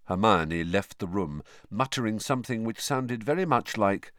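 A man narrating an audiobook with expressive storytelling. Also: lowish voice, moderate pace, few pauses, dry recording, clean studio sound. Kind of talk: scripted narration.

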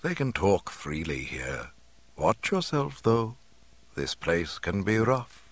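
A man reading an audiobook and voicing a calm, wise old male mentor with a measured delivery. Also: low voice, no room sound, exaggerated voice. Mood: advising.

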